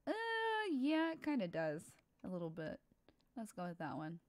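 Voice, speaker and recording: A woman's voice: on the low side, very animated, moderate pace, a little mellow. A woman giving casual let's play commentary, self-deprecating, giggly and rambling. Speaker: game streamer.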